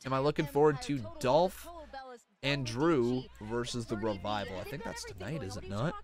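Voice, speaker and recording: A man with a mid-range voice gives casual, chatty commentary on a wrestling show during his live stream. He thanks viewers for donations as they come in and gets loud and excited at the big spots. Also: medium pitch, moderate pace, a crowd in the background.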